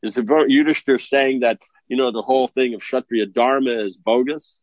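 A man preaching a sermon, blunt and scolding, with a stream of rhetorical questions. His voice sits at a middling pitch, recorded dry and a bit dull. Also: steady tone, fairly quick, dry recording. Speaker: spiritual teacher.

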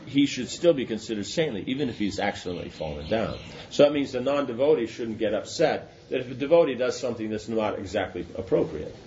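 Low-voiced man giving a casual scripture class. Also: darkish tone. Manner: conversational, checks understanding with asides. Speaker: religious teacher. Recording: dull lo-fi with faint noise.

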